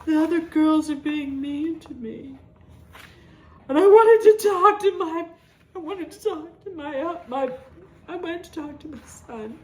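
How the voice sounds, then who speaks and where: A woman's voice: drawn-out words, long pauses, warm tone. A woman mocking a whiny, weepy lady. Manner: high mocking whimper, sing-song. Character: whiny weepy woman, mocked, self-pitying.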